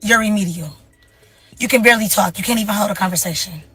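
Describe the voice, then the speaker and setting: A woman's voice: medium pitch, fast, fairly bright tone, breathy edge, no room sound, faint music behind. A woman, a reality show cast member, giving a blunt, mocking confessional rant full of insults.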